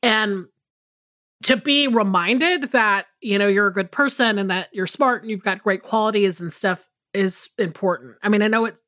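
A woman's voice: mid-range voice, fairly bright tone, no echo, studio quality. A woman co-hosting a podcast, talking casually and rambling with lots of fillers and restarts. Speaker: podcast co-host. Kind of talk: casual chat.

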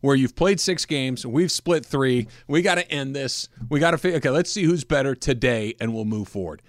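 A man's voice: mid-range voice, moderate pace, no echo, clean studio sound. Emphatic male sports radio host. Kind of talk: casual sports talk radio.

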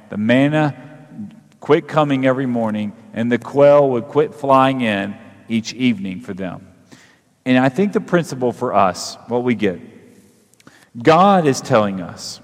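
A male pastor giving a sermon, reading scripture and then leading an altar call with rising fervor and drawn-out pauses. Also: medium pitch, lively intonation, in a large hall.

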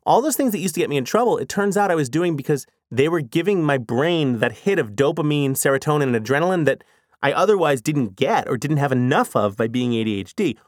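A man in his forties, an author, talking casually and fast, with lots of "you know" and "like" as he speaks. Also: fairly high pitch, dry recording, clean studio sound. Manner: fast, energetic talker who fills speech with "you know" and "like". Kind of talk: casual spoken reflection.

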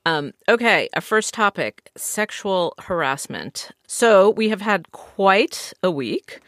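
A woman's voice: mid-range voice, big pitch swings, slow pace, a bit bright, no echo, studio quality. A woman hosting a podcast in casual chat, sounding nasal and stuffy from a cold, chatty with lots of fillers. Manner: chatty, laughs easily, many fillers. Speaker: host. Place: studio.

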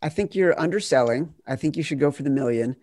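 A man hosting a podcast quiz game, blunt and quick to swear. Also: a little high, expressive, darkish tone, dry recording, studio quality. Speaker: game show host.

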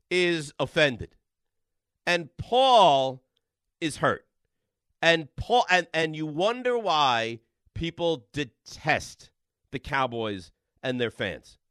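A bright, forceful man hosts call-in sports radio. His pitch swings widely as he argues, and the studio sound is dry and close. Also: slow pace, clean tone, no echo. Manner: animated, loud and combative with callers.

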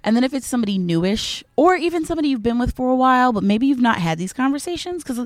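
A woman's voice: high-pitched, sing-song, fast, no room sound. Frank, chatty woman, dry close sound. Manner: frequent "like" fillers, drops into a hushed breathy voice for examples. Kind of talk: candid casual conversation. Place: at a conference, indoors.

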